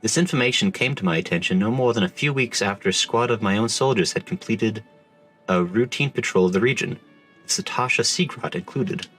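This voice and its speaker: A man's voice: on the low side, a bit bright, soft background music, pitched above the performer's own voice, natural voice. A man reading a stiff formal naval commander. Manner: formal, measured, stumbles over names. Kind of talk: reading game dialogue aloud in voices.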